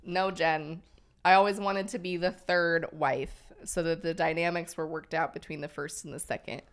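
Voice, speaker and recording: A woman with a low, gravelly voice chats casually as a podcast co-host. She sounds playful and joking, with a loose live-stream feel. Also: steady tone, normal speed.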